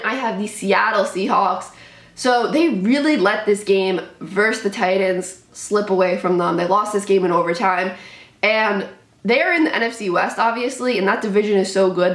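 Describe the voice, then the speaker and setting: A woman's voice: mid-range voice, a bit bright. Young woman host, chatty and opinionated, mid-range voice, echoey room. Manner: chatty, opinionated, many fillers. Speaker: sports show host. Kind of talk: casual sports commentary. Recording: roomy echo.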